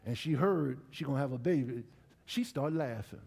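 A middle-aged man preaching a sermon in a church, with lively call-and-response to the congregation. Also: mid-range voice, moderate pace, vocal fry. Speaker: pastor. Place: church sanctuary.

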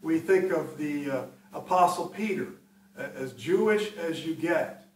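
A man in his sixties, a pastor preaching a sermon in an unhurried, conversational way with personal stories. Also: fairly high pitch, lively intonation. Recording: roomy echo from a distance, faint hiss.

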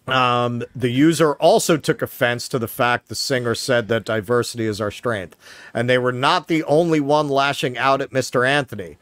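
A man's voice: medium pitch, steady tone, normal speed, a bit bright, dry recording. A man with a New York accent co-hosting a political commentary show, sarcastic and profane, reading news aloud with mocking asides. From Queens, New York. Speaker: podcast co-host.

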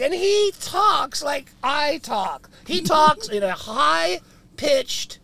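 A man from Canada with a high, raspy speaking voice, telling stories in casual chat and swearing freely. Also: lively intonation, drawn-out words, pushed and bright. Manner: swears freely, jumps into voices mid-story. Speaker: podcast guest. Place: inside a van. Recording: faint noise in a vehicle.

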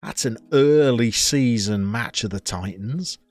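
Brief: streamer, mid-pitched, chatty, talks through game play over faint background music. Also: male voice, a little slow. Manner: chatty, reacts loudly to play, greets chat. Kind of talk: live game commentary.

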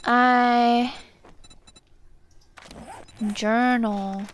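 A young woman streaming a game live, chatting casually and excitedly as she thinks aloud about what she is doing. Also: fairly high pitch, very slow, a little hiss or hum. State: yawning, a bit sleepy.

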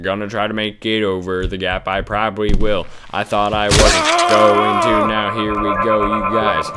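A man commenting on his gameplay in a jokey, excitable way, breaking into silly singing and high yelps. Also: heavy background noise. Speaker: gaming commentator. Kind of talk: let's play commentary. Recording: loud game music behind. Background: game music.

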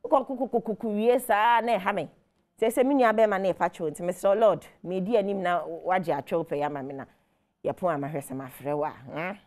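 A woman's voice: fairly low pitch, steady tone, fairly quick, a little mellow. A woman with a Ghanaian accent hosting entertainment news, delivering emphatic, scolding commentary that mixes Twi and English. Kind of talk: animated commentary.

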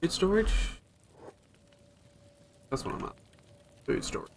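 A man's voice: measured pace, a little hiss or hum. A man streaming a game, talking to himself as he plays, tired and yawning while he rambles on. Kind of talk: casual gameplay commentary.

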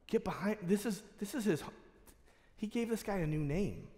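A man's voice: sits high, expressive, normal speed, warm tone. A male pastor delivering a sermon, passionate and building to emphatic exhortation. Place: church sanctuary. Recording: long reverb of a church hall.

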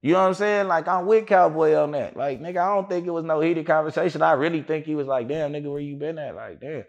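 A man with a gravelly, rough voice sits for an interview and tells a long story. He rambles, restarts often and acts out the other people's lines as he goes. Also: fairly high pitch, fast, muffled recording. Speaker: interview guest. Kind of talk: casual storytelling.

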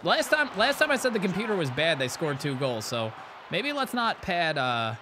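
A young man giving loud, excited commentary while playing a hockey video game, trash-talking and cheering. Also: on the high side, moderate pace, noisy background. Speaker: gaming channel host.

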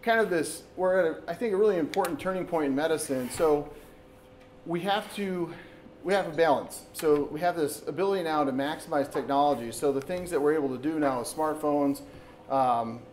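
A man in his thirties from Wisconsin, an orthopedic surgeon giving a relaxed public talk to an audience, speaking conversationally with lots of restarts. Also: on the high side, fairly quick, a little hiss or hum, poor audio. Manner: conversational, with frequent restarts and "so basically". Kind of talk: informal public lecture. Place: meeting room with an audience. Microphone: camera recording in the room.

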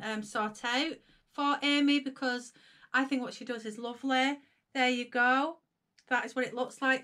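Chatty woman, slightly high voice. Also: bright, forceful tone. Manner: chatty, addresses viewers as guys. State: emotional, voice dropping while reading a letter. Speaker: vlogger reviewing jewellery. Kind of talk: casual unboxing chat to camera.

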